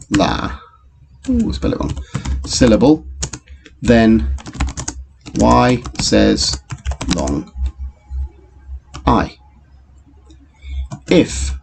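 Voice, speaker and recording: Man, phonics teacher, unhurried, patient with children, gravelly voice, soft keyboard typing behind. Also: medium pitch, a little hiss or hum. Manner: slow, patient, talks directly to young pupils. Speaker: primary school teacher. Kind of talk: recorded phonics lesson.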